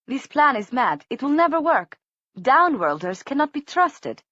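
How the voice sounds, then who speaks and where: A woman voicing a stern, haughty Portuguese noblewoman who speaks in a shrill, scornful way. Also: sing-song, a little slow, fairly bright tone, no room sound, lo-fi sound, heavily acted.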